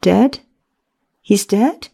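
A woman voicing a young woman in shock at news of a death, her lines high and faltering. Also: animated, very slow, vocal fry, dark tone, breathy edge, heavily acted.

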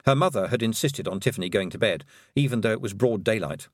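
A man narrating an audiobook in a measured, expressive storytelling manner. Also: on the low side, no echo, studio quality. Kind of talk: scripted narration.

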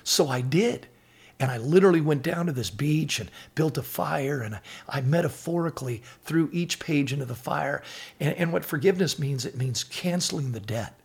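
Speaking at a normal speed in a slightly high, creaky, husky voice, a middle-aged guest on a faith podcast earnestly tells personal stories. He quotes scripture and performs the dialogue of others.

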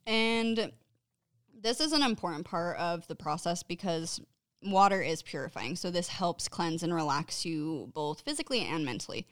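A woman talks through self-care habits in a relaxed, candid way, cursing freely and laughing at her own awkwardness. Her voice sits on the low side and sounds smooth and clear. The sound is dry and close, with no room around it. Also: moderate pace, dry recording. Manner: chatty and self-deprecating. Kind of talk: casual advice talk.

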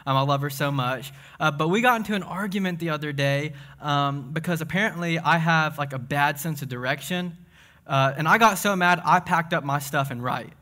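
Excitable young preacher, bright voice. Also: male voice, fairly high pitch. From Tennessee. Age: young adult. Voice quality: speech impediment. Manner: excitable, fast, self-deprecating. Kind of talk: casual sermon with jokes.

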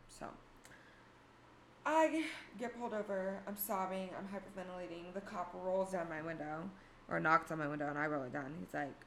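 A woman's voice: fairly low pitch, fairly bright tone, a little hiss or hum. A young woman telling a personal story in a candid, profane, self-mocking way. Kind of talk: casual storytime monologue.

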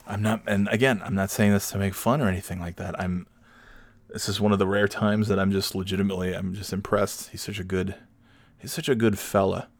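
A man talks casually into his home podcast mic, rambling and swearing freely with a self-deprecating edge. His voice sits fairly low. The sound is dry and close, with almost no room around it. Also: dry recording. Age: adult with children. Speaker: podcast host. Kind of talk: casual solo podcast storytelling. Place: home recording setup.

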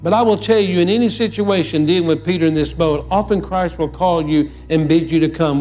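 Man, pastor, sermon, emphatic, fairly high voice. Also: fairly quick, hardly any pauses, faint music behind. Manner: emphatic, rising to loud pitched exhortation.

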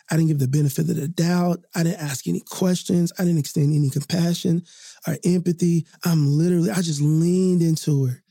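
A man speaks in a warm, mellow voice, recorded dry and close with no room sound. He tells a personal story in an earnest, confessional way, pausing on fillers and repeating phrases as he reflects. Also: a little high, dry recording. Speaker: podcast host.

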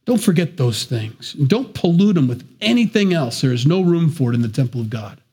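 A man's voice: a little high, very animated, fairly quick, dark tone, slightly rough. A man preaching a sermon to his congregation, talking conversationally with joking asides. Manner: conversational preaching with asides and self-deprecating jokes. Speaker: pastor.

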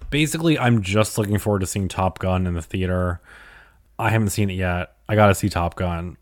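A man's voice: deep voice, a little fast, no echo, clean studio sound. A young man hosting a solo podcast late at night, rambling through listener questions in a chatty, profane, opinionated way. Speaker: podcast host.

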